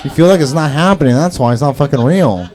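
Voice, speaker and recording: A man's voice: a little high, lively intonation, quick pace, a little mellow, some chatter behind. A man doing open mic stand-up, rambling and profane, laughing at his own jokes. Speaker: stand-up comedian. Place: comedy club stage.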